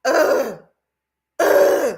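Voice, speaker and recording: Woman hosting, fairly high pitch, lively storyteller who repeats phrases. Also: very slow, vocal fry, a loud crowd. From Cameroon. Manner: animated storytelling, repeats herself. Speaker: host. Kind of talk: casual chat.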